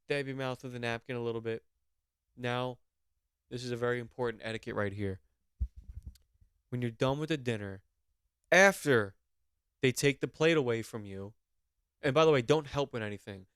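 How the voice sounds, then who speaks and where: Brash young man, smooth and dry. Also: medium pitch, moderate pace, long pauses, a bit bright, no echo. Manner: brash, mock-instructive, profane. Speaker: podcast co-host. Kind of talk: comedic podcast rant.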